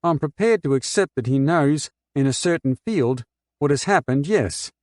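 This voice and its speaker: An indignant mother under cross-examination, as a male narrator puts her on, answering with sharp scorn in a lifted, higher voice. She argues point by point, insistent and precise. The sound is dry and close, with no room around it. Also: lively intonation, moderate pace, dry recording, close to an everyday voice. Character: woman, a mother on the witness stand, firm and scornful.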